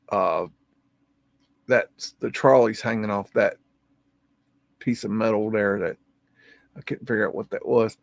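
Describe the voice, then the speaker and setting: A man's voice: medium pitch, creaky, no room sound. A man hosting a live stream, musing in a folksy, casual way as he comments on old photos. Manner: folksy, drawling, musing aloud.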